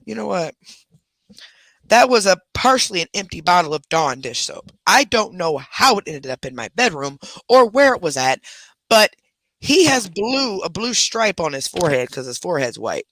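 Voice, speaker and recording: A man hosting a casual livestream from his bedroom at home, telling stories in an animated way and scolding his dogs in between. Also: high-pitched, moderate pace, no echo. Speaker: livestream host. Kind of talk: casual live chat.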